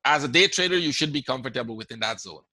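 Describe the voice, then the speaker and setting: A man's voice: mid-range voice, lively intonation, fast, bright, forceful tone, no room sound. A man with a Guyanese accent, hosting a trading webinar in a conversational way, often checking in with "right?" as he answers questions. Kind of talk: live webinar Q&A talk.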